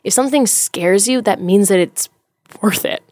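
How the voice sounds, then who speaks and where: A woman's voice: medium pitch, normal speed, a little mellow, dry recording. A woman who is a comedian, chatting as a podcast guest in a candid, rambling way with lots of fillers. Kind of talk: casual chat.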